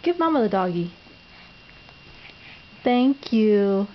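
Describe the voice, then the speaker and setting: Slow, sing-song mother in baby talk. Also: on the high side, animated. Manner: sing-song, coaxing, exaggerated. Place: home, on a bed. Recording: dull lo-fi home video with faint noise.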